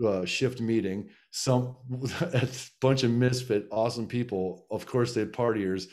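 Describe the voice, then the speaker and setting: A man's voice: on the low side, a little mellow. A middle-aged man casually telling a long personal story, with many restarts and fillers. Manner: rambling, frequent restarts and filler.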